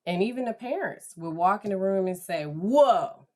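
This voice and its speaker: A woman's voice: medium pitch, fairly quick, a little mellow. A woman psychologist hosting her podcast in casual, chatty talk, often acting out the voices of people she quotes.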